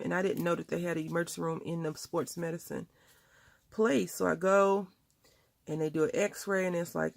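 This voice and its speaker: A woman chatting casually at home, telling a story while crafting, with lively quoted voices. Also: on the low side, normal speed, vocal fry, no echo. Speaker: crafting vlogger.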